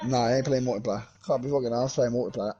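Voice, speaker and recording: A man's voice: medium pitch, fairly even intonation, fast talker, dark tone, dull audio. A man gaming with a friend, chatting bluntly and teasingly and swearing freely. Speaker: co-player on stream. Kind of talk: casual chat while gaming.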